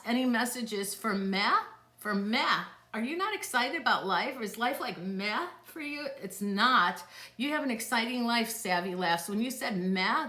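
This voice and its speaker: A woman's voice: a little high, sharp tone. A middle-aged woman hosting a live psychic stream, chatting casually and gushing, with frequent gasps and laughs. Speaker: psychic host answering live questions. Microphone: phone or tablet. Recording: echoey room.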